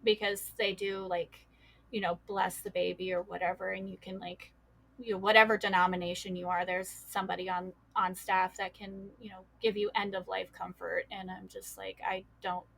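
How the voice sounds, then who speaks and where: Woman on a podcast telling her story, lots of likes and you knows, mid pitch. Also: flat delivery, normal speed, vocal fry, fairly bright tone. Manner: casual, many fillers, emotional recounting. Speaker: guest. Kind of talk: personal storytelling.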